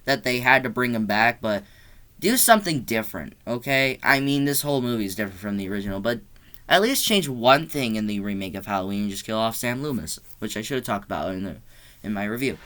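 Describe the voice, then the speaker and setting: Bright, clear-voiced man ranting about movies. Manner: blunt, animated ranting with rising pitch when exasperated; loose, rambling delivery with restarts. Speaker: movie reviewer. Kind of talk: casual movie review vlog.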